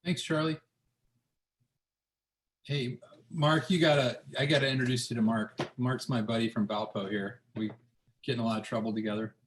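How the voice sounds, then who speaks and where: A man's voice: mid-range voice, steady tone, normal speed, long pauses. Joking male host in an echoey room. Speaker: meeting host. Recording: echoey room with faint noise.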